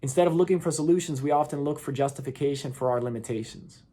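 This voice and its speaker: Guy giving a motivational pep talk, kinda high voice, earnest, does little voices for the quotes. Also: quick pace, dark tone. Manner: earnest, quoting characters in the story with small voice shifts. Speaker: motivational speaker.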